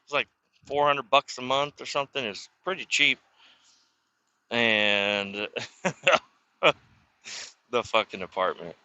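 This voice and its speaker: A man's voice: mid-range voice, takes it slowly, pauses often, bright, forceful tone, highs cut off. Profane man rambling from his car. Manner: profane, laid-back, chuckling, rambling. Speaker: vlogger telling life stories. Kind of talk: casual rambling storytelling. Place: inside a car while driving.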